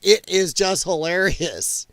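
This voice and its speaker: A man's voice: sits high, animated, takes it slowly, vocal fry, a bit bright, no echo. A man hosting a casual livestream, talking loosely and bluntly and laughing at clips. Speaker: livestream host.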